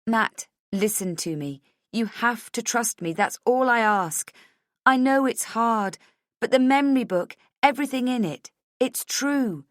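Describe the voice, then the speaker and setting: Recorded close and dry, a woman playing a frantic young wife who believes she is hunted pushes her lines high and urgent, pleading and insisting, breaking into shouts. It is an audiobook reading, intimate and tense. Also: expressive, unhurried, no echo.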